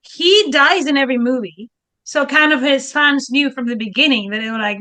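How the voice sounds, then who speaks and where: A woman guest historian in lively casual chat who laughs often and restarts her words. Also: high-pitched, moderate pace.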